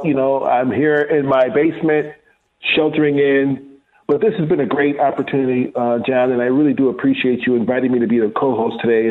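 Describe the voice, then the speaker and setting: A man calls in as guest co-host on a radio talk show, relaxed and chatty. His voice has an average pitch. It comes through a thin, phone-like line. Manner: relaxed, chatty, laughs easily. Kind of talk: casual radio chat.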